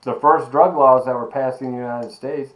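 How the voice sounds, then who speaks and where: A man teaching an online sociology lecture, animated and emphatic, asking rhetorical questions and calling his students baby. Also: mid-range voice, moderate pace, low-quality recording. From Miami. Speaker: sociology professor.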